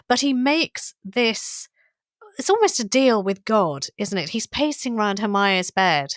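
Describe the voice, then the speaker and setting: A woman's voice: mid-range voice, measured pace, no room sound. Chatty woman podcast host, dry mic. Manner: lively, chatty, with many "you know" asides. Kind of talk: casual podcast chat.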